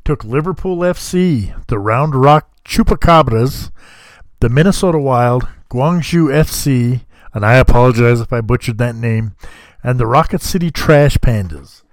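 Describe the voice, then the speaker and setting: A man hosts a casual podcast chat, laid-back and joking, with swearing sprinkled freely through his talk. His voice sits at medium pitch and moves a little slowly, with no echo in the recording.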